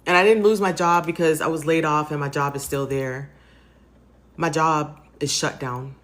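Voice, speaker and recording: A woman in her thirties from the United States, tearful from crying, talking softly and haltingly in a personal vlog. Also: low voice, steady tone. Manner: soft, halting, rambling with fillers. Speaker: vlogger.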